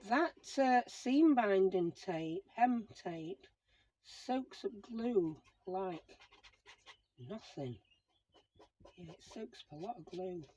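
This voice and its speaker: This middle-aged woman, host of a crafting channel, chats to herself while working on a craft project, explaining every step casually. Her mellow, mid-range voice is expressive and takes things slowly. The sound is lo-fi, with a little hiss or hum.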